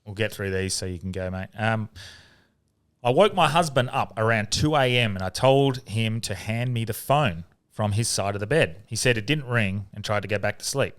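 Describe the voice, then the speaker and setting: Aussie bloke reading listener stories on a podcast, lowish voice, chill and a bit sweary. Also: male voice, moderate pace, clear, resonant tone. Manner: laid-back, sweary, reads stories in a low even tone. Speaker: podcast co-host. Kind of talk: casual chat, reading listener stories aloud.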